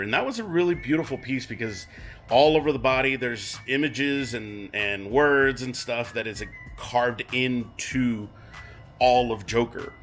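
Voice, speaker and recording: A man casually showing and talking about his statue collection, rambling and retelling conversations with lively quoted voices. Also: mid-range voice, normal speed, faint music behind. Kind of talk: casual unboxing vlog.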